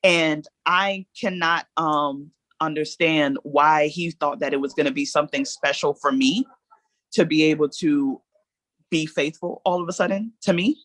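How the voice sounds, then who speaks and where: A woman's voice: low voice, steady tone, measured pace, a bit bright, no room sound. A woman guest on a podcast, telling her own story candidly in long, earnest reflections.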